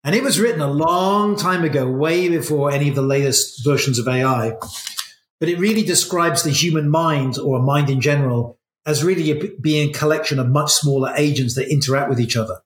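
A man's voice: a little high, a little fast. A middle-aged man, a guest in an interview, telling stories in a reflective way. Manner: reflective, storytelling. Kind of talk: casual interview chat. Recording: echoey room.

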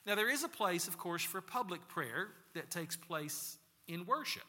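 A man preaching a sermon as pastor, in an unhurried conversational manner with frequent restarts, in a church sanctuary. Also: sits high, lively intonation, pushed and bright. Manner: unhurried, conversational, repeats words when restarting. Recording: long church hall reverb.

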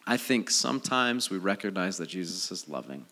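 A man preaching a sermon as pastor, swinging from quiet, low asides to loud, raised outbursts. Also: normal speed. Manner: animated, swings from low and soft to loud and high.

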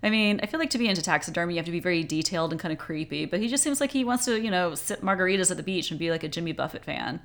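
Woman co-host, casual movie recap, animated, laughs a lot. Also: lowish voice, rapid-fire, hardly any pauses. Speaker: podcast co-host.

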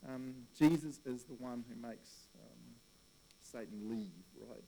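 Male pastor, mid-pitched and mellow, relaxed conversational preaching, frequent laughs. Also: slow, creaky, slight background noise. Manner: chatty, laughs often, asks "right?" a lot. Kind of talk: casual conversational sermon.

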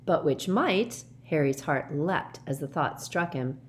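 A woman reading a novel aloud in measured, steady scripted narration. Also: low voice, a little hiss or hum. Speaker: audiobook narrator.

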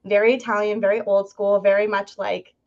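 Speaking at a medium pitch and a little fast, the young Ontario guest keeps her story casual and animated. She says "like" constantly and plays out the quoted voices, while the podcast recording stays dull and lo-fi.

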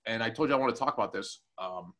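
The podcast's co-host, also its new tech guy, tells a long, profane story on a casual show, animatedly acting out what everyone said. His voice is lowish and his pace quick.

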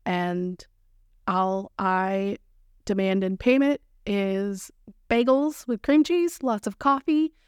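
A woman's voice: medium pitch, clear, resonant tone, no echo, studio quality. A woman hosting a solo podcast, talking straight to her listeners in a playful, upbeat, coaching way and enjoying corny jokes. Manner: coaching, encouraging listeners directly. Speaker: podcast host. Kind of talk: solo motivational podcast monologue.

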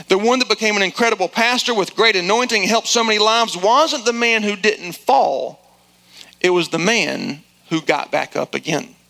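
A male pastor preaching a sermon with emphasis, slowing down to land his key lines. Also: bright, forceful tone, rough recording. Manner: acts out quotes in a high squealing voice.

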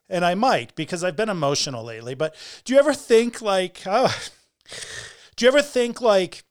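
A man hosting a casual interview, emotional and quick to laugh, repeating himself as he asks questions. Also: high voice, expressive, clear, resonant tone. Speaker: podcast host.

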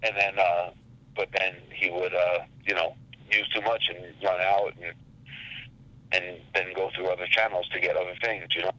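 A man telling a rambling story in a casual, profane and animated way. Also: sits low, moderate pace, dull audio. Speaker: podcast guest.

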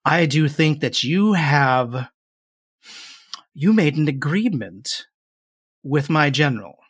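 A game master voicing an ancient, vengeful crone spirit in a slow, drawn-out, menacing way. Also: medium pitch, lively intonation, slightly rough, no echo, clean studio sound, pitched above the performer's own voice.

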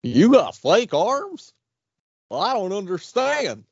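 A dopey cartoon dog fellow, as a man puts him on, high and slow with a swooping, goofy lilt. The sound is dry and a bit dull, like a home podcast mic. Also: wildly swooping pitch, creaky, a little mellow, slightly rough, no room sound, full character voice.

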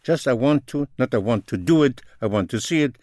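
A man teaching a language lesson, saying each phrase slowly, repeating it and explaining the grammar. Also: medium pitch, expressive, darkish tone, dry recording, clean studio sound. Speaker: French teacher.

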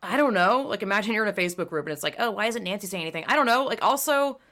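Young woman, bright tone, blunt profane ranter in casual podcast chat. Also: mid-range voice, racing. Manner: blunt, profane, animated ranting.

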